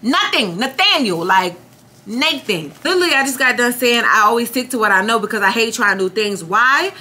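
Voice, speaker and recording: A young woman vlogging casually to a phone camera in a room, chatty and animated, addressing viewers constantly with a hum from an air conditioner behind her. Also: on the high side, normal speed. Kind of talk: casual vlog chat to camera.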